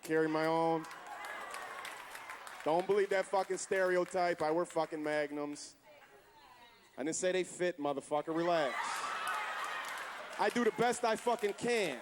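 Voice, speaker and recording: Man, high-pitched stand-up comic, brash and crude, club crowd and noise behind. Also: measured pace, long pauses. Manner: brash, profane, crowd-baiting. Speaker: stand-up comedian. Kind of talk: stand-up comedy set. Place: comedy club stage before a live audience. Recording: live club with audience and noise.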